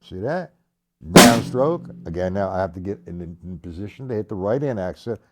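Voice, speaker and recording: A man's voice: sits low, expressive, normal speed, over loud music. A man giving a live-streamed drum lesson, talking bluntly and emphatically, repeating his points as he demonstrates strokes. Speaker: drum teacher. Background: drum hits.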